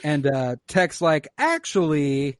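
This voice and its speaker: A man's voice: a little high, animated, moderate pace, dry recording, clean studio sound. A young man hosting a casual podcast, recapping an episode in a rambling way full of fillers and swearing. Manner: rambling, swearing, many uh's and likes. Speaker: podcast host.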